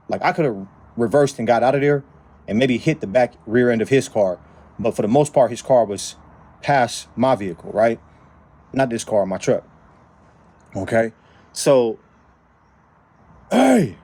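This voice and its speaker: A man from the Bay Area telling a personal story in an animated, emphatic way, with frequent tag questions and repeated phrases. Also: medium pitch. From San Francisco Bay Area. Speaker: vlogger. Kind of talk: casual storytelling.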